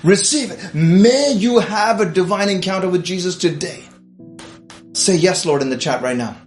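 High-voiced preacher in an echoey room. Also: male voice, animated, normal speed. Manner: urgent, exhorting, direct address to viewers. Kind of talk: sermon. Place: livestream. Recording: echoey room with faint music.

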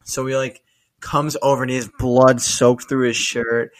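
A young man co-hosting a podcast, telling stories in a loose, animated way and swearing often. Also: medium pitch, measured pace. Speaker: podcast co-host. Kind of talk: casual chat.

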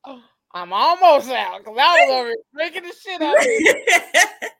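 Lively, teasing woman co-host. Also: high voice, normal speed. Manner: teasing, blunt. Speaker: podcast co-host. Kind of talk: casual group chat.

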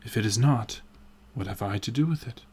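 A man voicing a worldly gentleman who speaks in a languid, dry and ironic way. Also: on the low side, fairly quick, breathy edge.

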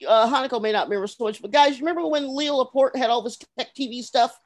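A woman co-hosting a podcast, telling convention stories with excitement in casual chat. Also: on the high side, quick pace. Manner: excitable storyteller. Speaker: podcast co-host.

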